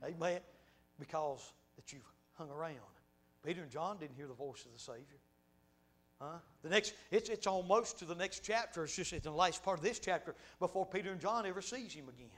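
A man preaching a sermon, swinging from hushed asides to loud, laughing exclamations. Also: fairly high pitch, expressive, brisk.

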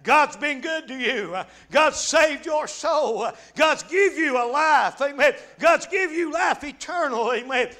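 Man, revival preacher, very high pitch, fervent shouting sermon. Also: lively intonation, a little slow, few pauses. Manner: fervent, punctuated by frequent amens, bursts into shouts.

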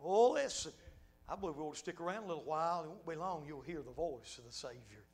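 A man preaching a sermon, swinging from hushed asides to loud, laughing exclamations. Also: fairly high pitch, animated, fast talker, husky.

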